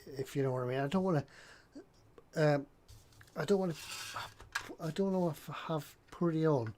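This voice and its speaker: Working on a model at his hobby bench, a man jokes and rambles, frequently wandering off topic. He's a scale model builder with a slightly high, warm voice, and there's a little hiss or hum in the audio.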